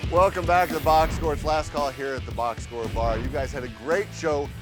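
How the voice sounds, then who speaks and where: A man's voice: a little high, brisk, over music. A man hosting a sports talk show, upbeat with filler hesitations. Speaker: show host.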